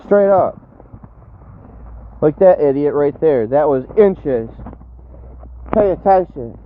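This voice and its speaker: A man's voice: a little high, animated, slow. Brash, slangy man on a tinny phone stream. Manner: brash and slangy, swears freely. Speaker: storm chaser streaming live. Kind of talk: casual live-stream chat. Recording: tinny phone-like audio with faint noise.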